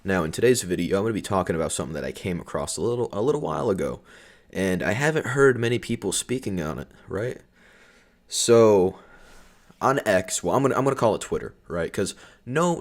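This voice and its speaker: A young man giving a blunt, rambling commentary vlog, swearing often and restarting his sentences. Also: sits low. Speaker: video creator.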